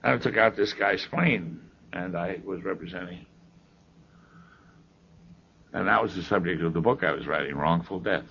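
Gravelly older man telling a wry story. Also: low-pitched, normal speed, pauses often. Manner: wry, dry humor, conversational asides. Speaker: speaker sharing his recovery story. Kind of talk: humorous storytelling talk. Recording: dull lo-fi recording with faint hiss.

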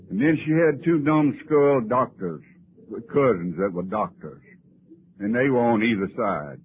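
A man's voice: mid-range voice, normal speed. A man telling his personal story at a recovery meeting in a folksy, wry, self-mocking way. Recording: muffled lo-fi old tape, faint hiss.

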